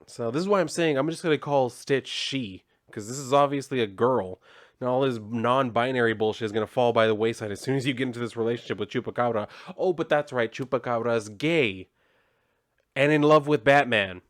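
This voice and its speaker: A man's voice: mid-range voice, brisk, no echo. Man, casual comic recap, sarcastic, profane, rambling, dry. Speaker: comic book reviewer.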